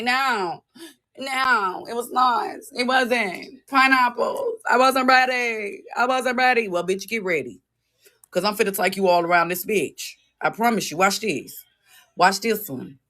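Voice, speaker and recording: A woman's voice: lowish voice, a bit bright. Profane taunting woman ranting on a livestream. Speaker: livestream host. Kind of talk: heated livestream rant. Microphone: phone.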